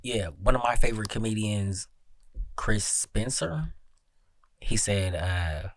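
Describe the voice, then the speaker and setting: A man's voice: fairly low pitch, takes it slowly. Laid-back man in casual podcast chat. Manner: relaxed, laid-back, frequent agreeing murmurs. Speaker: podcast co-host.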